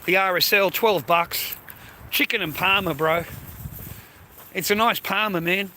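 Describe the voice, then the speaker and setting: Australian man, high and sharp-toned, rambling outdoor phone vlog, constant swearing and matey asides, faint ambient hum. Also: a little slow, poor audio. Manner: loose and rambling, swears constantly, calls listeners mate and bro. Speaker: vlogger. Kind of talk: rambling casual monologue to camera.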